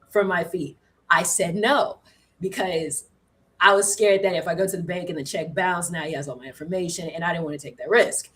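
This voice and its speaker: A woman's voice: on the low side, moderate pace, recorded from a distance. A woman guest telling a funny personal story in casual chat on a video call, laughing often and acting out what people said. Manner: animated, laughs often, acts out quotes.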